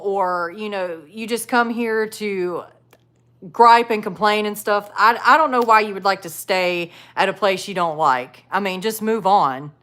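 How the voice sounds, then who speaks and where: A woman with a Southern accent from the US reacts to videos and chat on a live stream, speaking casually and bluntly with lots of "like" and "you know." Her voice is medium in pitch and fairly bright.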